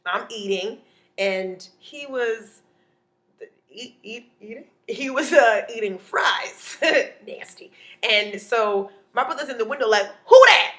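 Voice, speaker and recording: A woman, a comedian telling a stand-up story in a playful, animated way, acting out other people's voices. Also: fairly high pitch, slow.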